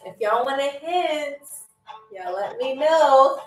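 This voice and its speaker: A woman with a high, expressive voice hosts a live-stream quiz game, taking it slowly. She reads viewer comments playfully and teasingly, often holding back laughter, and welcomes viewers like a flight attendant, heard through a roomy, distant mic with faint music.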